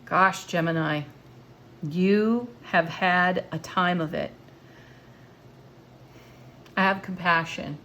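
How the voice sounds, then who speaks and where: A woman giving a tarot card reading in a gentle, encouraging, spiritual manner. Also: fairly low pitch, takes it slowly, pauses often, a little hiss or hum. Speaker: tarot reader.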